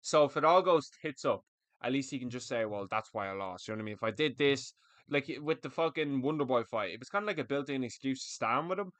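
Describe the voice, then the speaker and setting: A man's voice: medium pitch, animated, quick pace, a bit bright, no echo. A young man, an MMA pundit, giving casual fight predictions in a blunt way, swearing freely and repeating himself.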